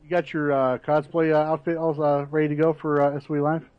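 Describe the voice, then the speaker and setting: A man co-hosts a casual gaming podcast, ribbing his partner and spinning quick jokey stories. His voice sits fairly high for a man, and he keeps an easy, bantering manner. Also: little pitch movement, lo-fi sound. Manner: teasing, jokey storyteller. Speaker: podcast co-host.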